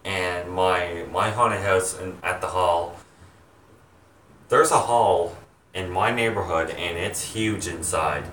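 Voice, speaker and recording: A young man chatting to his viewers, rambling and halting with many ums and restarts. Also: deep voice, fairly bright tone, echoey room, distant mic, a little hiss or hum. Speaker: vlogger, home haunt maker. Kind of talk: rambling casual chat to viewers.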